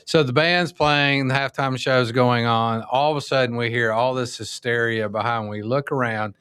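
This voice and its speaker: A man chats casually on a podcast, telling stories with relish. His voice sits in a middle pitch. The recording is dry and close, with little room sound. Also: moderate pace, clear, resonant tone, no room sound. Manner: animated storyteller. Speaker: podcast co-host. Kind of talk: casual chat.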